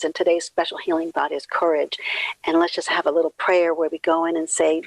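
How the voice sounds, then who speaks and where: A woman minister leading a guided meditation, speaking gently and unhurriedly as she counts out breaths. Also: low voice, level tone, fairly quick, creaky, no echo, poor audio.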